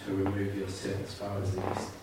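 A man's voice: low voice, monotone, fairly quick, heavy background noise. A man preaching a sermon with earnest fervour, now and then mimicking grumbling churchgoers in a put-on voice. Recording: very echoey hall, mic far off.

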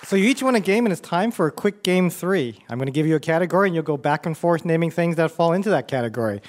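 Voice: mid-range voice, lively intonation, fast, a crowd in the background, noisy background. A quiz co-host explaining the rules and teasing the contestants. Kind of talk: running a quiz round.

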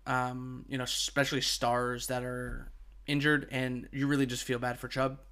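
A man's voice: mid-range voice, completely flat delivery, normal speed, sharp tone, clean tone. A man co-hosting a podcast, casually explaining football news to his co-host with enthusiasm and plenty of fillers. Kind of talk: casual chat.

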